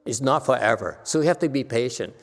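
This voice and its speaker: Here the Buddhist teacher talks fast in a mid-range voice, with slight background noise under the long reverb of the temple hall. His Dharma talk to the class is sincere, building to an emphatic, animated tone with laughs.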